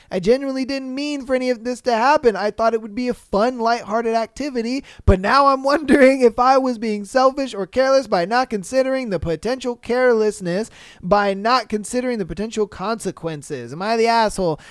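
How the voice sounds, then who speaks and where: A man hosting a podcast, reading posts aloud and reacting bluntly in slangy talk with loud exclamations. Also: high-pitched, clear, resonant tone, no echo, studio quality. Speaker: podcast host.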